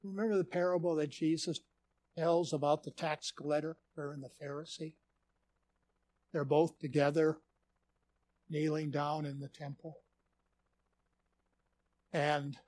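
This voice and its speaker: A man's voice: a little high, darkish tone. A man from Minnesota preaching a sermon as a pastor, telling stories earnestly with dramatic emphasis. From Minnesota, USA.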